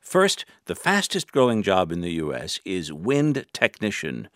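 A male news anchor reading a crisp scripted introduction. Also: deep voice, huge pitch swings, unhurried, fairly bright tone, no echo, studio quality.

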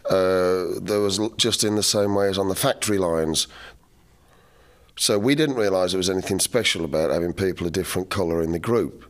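A man's voice: low voice, brisk. A man, a musician guest telling wry, laughing anecdotes in an interview. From English Midlands. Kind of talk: storytelling interview chat.

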